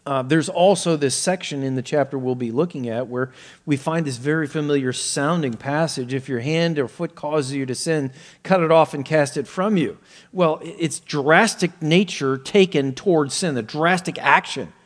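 A man preaching a sermon, earnest and measured, teaching through a passage with occasional fillers and restarts. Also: on the high side, in a large hall. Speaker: pastor.

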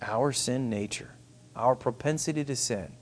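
A man preaching a sermon as pastor, emphatic and repetitive, sometimes dropping to soft asides. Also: medium pitch, measured pace, a little hiss or hum.

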